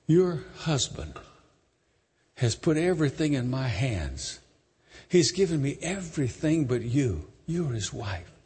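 A man's voice: mid-range voice, very animated, a little slow, darkish tone, husky, exaggerated voice. A preacher voicing a young enslaved man who firmly refuses, earnest and repeating himself. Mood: resolute. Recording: long hall reverb.

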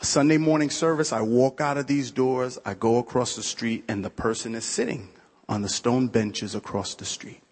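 Husky-voiced man preaching in a church. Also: mid-range voice, fairly even intonation, moderate pace, long reverb tail. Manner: conversational storytelling, many "you know" asides. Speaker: pastor. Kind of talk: sermon testimony. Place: church sanctuary.

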